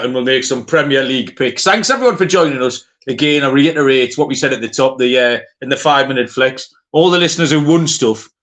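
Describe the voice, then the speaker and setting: A man hosts a podcast in a relaxed, casual way. His voice is middle-pitched, and he jokes, laughs easily and wanders off into asides. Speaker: podcast host.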